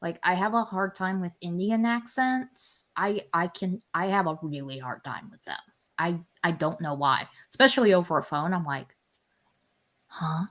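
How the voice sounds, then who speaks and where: Speaking a bit low and bright at a moderate pace, a livestream host chats casually with her audience, rambling through viewer comments and frequently backing up to restart her thoughts.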